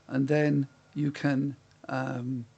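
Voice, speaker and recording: A man's voice: medium pitch, level tone, very slow, creaky, a little mellow, slightly rough, highs cut off. A man hosting a live-streamed quiz from home, reading out questions and answers with chatty, self-mocking asides. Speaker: quiz host. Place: room at home.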